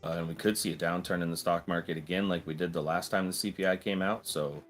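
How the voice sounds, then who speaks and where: A man hosting a stock trading livestream, explaining things plainly with a relaxed, joking manner. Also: low-pitched, quick pace, faint music behind. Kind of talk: casual livestream commentary.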